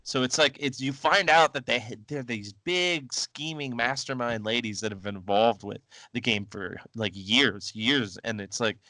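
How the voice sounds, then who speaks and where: A man talks in a loose, animated podcast chat and keeps breaking into laughter and silly character voices. His voice is bright and forceful. The sound is dry and close. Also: medium pitch, a little slow, few pauses, no echo, low-quality recording. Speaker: podcast co-host. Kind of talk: casual comic-book discussion.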